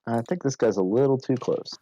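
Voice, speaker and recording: A man playing a tabletop wargame who chats casually and teases his friends with quick quips. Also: mid-range voice, warm tone, dull audio. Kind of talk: casual game talk and banter.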